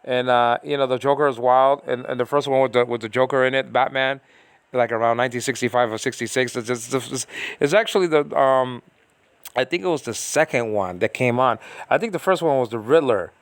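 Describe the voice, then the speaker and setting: A man's voice: medium pitch, fairly quick, clear, resonant tone, no echo. An American man ranting in a casual home monologue, exasperated and repetitive, full of fillers and restarts. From United States. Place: small room at home.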